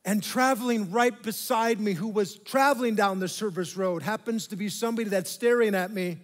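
A man preaching a sermon to his congregation, telling an animated story with mock voices and asides to the listeners. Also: high-pitched, normal speed. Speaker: pastor. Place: large church hall. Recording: long reverb of a church hall.

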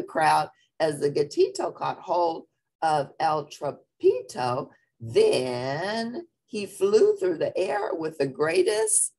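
A woman reading a children's picture book aloud in an expressive, playful way. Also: sits low, takes it slowly, gravelly. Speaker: storybook reader.

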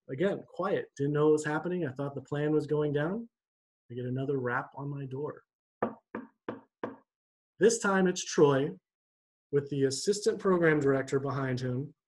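A young man giving a church devotion, telling a personal story in an animated, conversational way. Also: a little high, poor audio.

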